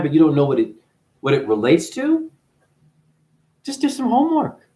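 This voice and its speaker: A man's voice: sits high, darkish tone. Man ranting profanely at viewers. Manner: preachy, swears freely, addresses viewers directly. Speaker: vlogger. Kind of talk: profane spiritual rant.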